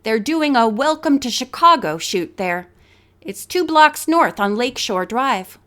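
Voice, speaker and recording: A woman's voice: fairly high pitch, a little slow. Polite hotel clerk man, as a woman reader puts him on. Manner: calm, polite. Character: calm male hotel desk clerk.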